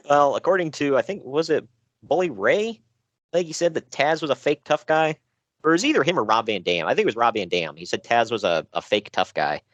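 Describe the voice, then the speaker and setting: A man in casual podcast talk, sighing and laughing as he goes. His pitch swings widely around a middle register. The sound is dry and close. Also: moderate pace, no room sound. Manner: animated, laughing, sighing, fillers. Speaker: podcast co-host. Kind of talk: casual chat.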